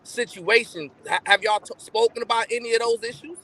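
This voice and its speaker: A man's voice: extremely high pitch, a little fast, bright, forceful tone, poor audio. A man co-hosting a live stream, rambling and hesitant with many fillers. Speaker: show co-host. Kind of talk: casual live stream chat.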